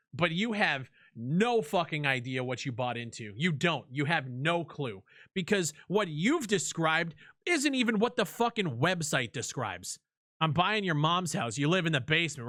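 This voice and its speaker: A man's voice: on the high side, sharp tone, no echo, studio quality. A man streaming live, ranting and arguing in a profane, combative way. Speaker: streamer and YouTube host. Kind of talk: heated live-stream rant and argument.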